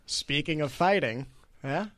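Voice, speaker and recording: A man's voice: fairly high pitch, animated, a little slow, fairly bright tone. A man hosting a casual news podcast panel, joking with his colleagues as he moderates. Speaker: podcast host and reporter.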